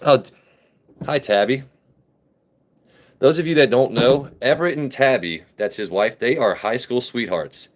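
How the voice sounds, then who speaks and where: A man's voice: medium pitch, unhurried, pauses often. A man in his late thirties from Maryland, casually chatting and joking with viewers on a phone live stream, loose and profane. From Maryland, USA. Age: 30s.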